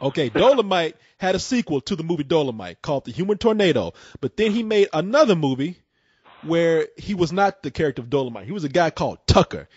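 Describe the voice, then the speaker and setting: A man with a high, very lively voice hosts a call-in show, retelling stories with excited bursts. His voice is husky and sits close to a dry, dull-sounding mic. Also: fast, no room sound. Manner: excitable storyteller, acts out scenes with loud bursts. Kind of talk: casual call-in chat.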